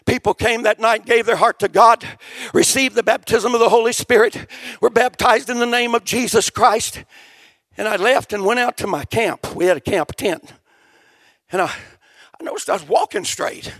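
A man preaching a sermon with a very high voice and a gravelly edge. He tells his story in a folksy way and builds to fervent shouts. The sound is dry and close. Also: moderate pace, dry recording. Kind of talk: sermon testimony.

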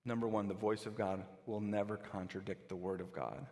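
A man's voice: lowish voice, fairly even intonation, a little fast, darkish tone, in a large hall. A pastor giving a conversational sermon, often restarting his sentences.

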